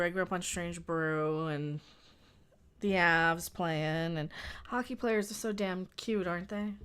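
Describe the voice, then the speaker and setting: A woman's voice: on the low side, clear, resonant tone. A woman hosting her own late-night internet show, rambling in a playful, cheeky way and often breaking off mid-sentence to restart. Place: home in Las Vegas.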